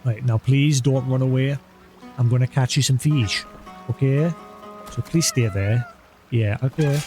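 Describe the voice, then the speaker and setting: A man's voice: medium pitch, a little slow, dark tone, soft background music. A man streaming a video game live, chatting casually and coaxing an in-game cat with a playful voice. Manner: chatty, talks to in-game cat, baby-talk and meowing. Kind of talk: live gameplay commentary.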